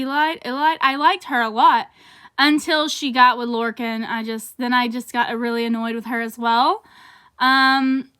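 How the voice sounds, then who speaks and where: A woman's voice: high voice, a bit bright. A young woman reviewing books on her vlog in a gushing, dramatic, chatty way. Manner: gushing and dramatic, with outbursts and laughs. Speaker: book vlogger. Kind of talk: casual book review vlog.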